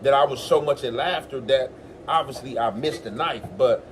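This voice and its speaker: Rich: A man on his own commentary show, defending himself at length and acting out the lines of others as he retells the story. His pitch sits in the middle range, and a faint hiss of noise runs under the voice. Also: normal speed. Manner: defensive, insistent, acts out quotes. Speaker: host. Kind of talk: commentary on a podcast clip.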